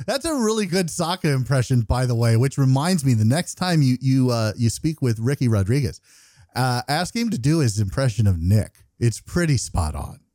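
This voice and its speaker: A man hosting a podcast in casual chat, animated and quick to stumble over his first words. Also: medium pitch, no echo, clean studio sound. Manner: animated, repeats words when starting sentences. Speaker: podcast host.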